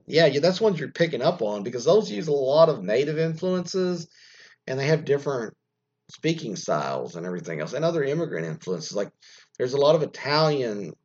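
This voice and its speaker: Gravelly rambling man, lo-fi radio host. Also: medium pitch. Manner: rambling, many fillers and trailing asides, mildly profane. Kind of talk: casual solo talk, reading an article aloud with comments. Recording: lo-fi muffled sound.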